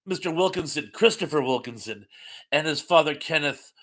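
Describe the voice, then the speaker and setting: A man's voice: fairly high pitch, lively intonation, moderate pace, fairly bright tone. An older man hosting a live stream, chatting casually and reading viewer comments aloud with plenty of ums and asides. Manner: chatty, rambling, reads comments aloud with fillers. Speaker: host.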